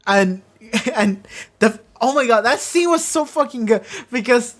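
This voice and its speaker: A show reviewer who talks in a casual, rambling way, gets excited and swears a lot while breaking down an episode. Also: medium pitch, measured pace. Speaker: video reaction reviewer.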